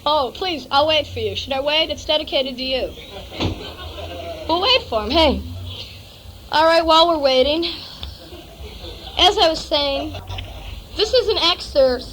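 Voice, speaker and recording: Woman, spoken word performer, very high pitch, sardonic and profane, live club bootleg with faint hiss. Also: a little slow, pauses often. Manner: profane, sardonic storytelling that swings to shouting. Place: small club stage with a live audience.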